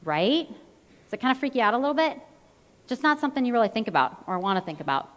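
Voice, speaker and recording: A woman's voice: a little high, fast. A woman in her thirties, a fitness trainer, giving a motivational stage talk and telling stories while acting out the people in them. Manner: animated storyteller, acts out quotes. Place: large event hall. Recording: long hall reverb.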